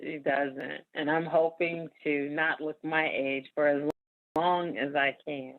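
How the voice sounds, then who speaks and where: A woman's voice: low-pitched, fairly even intonation, takes it slowly, dry recording. Candid woman host on a tinny line. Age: 40s. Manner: candid, emphatic, laughs often. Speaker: podcast host. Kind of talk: casual chat.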